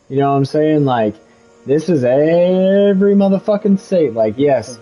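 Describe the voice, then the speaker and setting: A man's voice: a little high, animated, unhurried, warm tone. Missouri man streaming games from home, swears constantly, fired-up storyteller, faint music behind him. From Missouri, USA. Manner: profane, heated storytelling. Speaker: game streamer. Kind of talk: casual chat while gaming.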